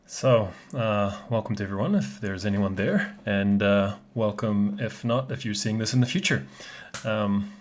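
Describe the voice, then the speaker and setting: A man's voice: lowish voice, unhurried. Laid-back male game master, hesitant. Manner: relaxed, hesitant with many fillers. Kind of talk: casual stream intro.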